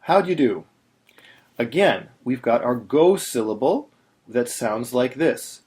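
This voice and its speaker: A man's voice: mid-range voice, expressive, slow, a little mellow. A man teaching Torah chanting in a plain, patient voice, stopping to sing short chanted examples. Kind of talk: instructional video narration.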